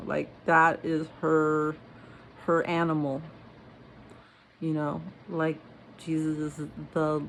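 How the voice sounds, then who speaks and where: A young woman speaking English as a second language tells eerie personal stories in a loose, rambling way, with plenty of fillers. Her voice sits a little low, and a faint hiss runs under the recording. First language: not English. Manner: rambling, many fillers and "you know". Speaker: storyteller. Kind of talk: casual personal storytelling.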